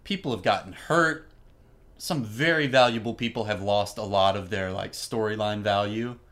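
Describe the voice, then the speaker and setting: A man co-hosting a podcast, chatting casually and telling stories with animated energy, acting out what people said. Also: on the low side, normal speed. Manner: animated storytelling, acts out quoted lines. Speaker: podcast co-host. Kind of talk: casual chat.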